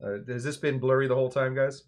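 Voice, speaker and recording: A man's voice: mid-range voice, level tone, fast talker. Rambling man hosting a drinks livestream. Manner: rambling, hesitant, bluntly critical. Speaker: livestream drinks show host. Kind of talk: casual livestream chat.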